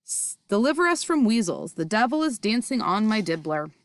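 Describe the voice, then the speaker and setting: A woman voicing a big, gentle, excitable male giant who talks in jumbled, ungrammatical words, in a storybook reading. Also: mid-range voice, normal speed, dry recording, studio quality, lightly acted. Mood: distressed.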